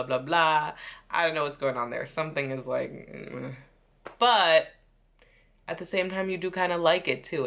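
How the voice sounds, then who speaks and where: Chatty young woman with a bright voice. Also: low-pitched. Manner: chatty, lots of "like" and "um", acts out quotes. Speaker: recap host. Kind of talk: casual reality TV recap.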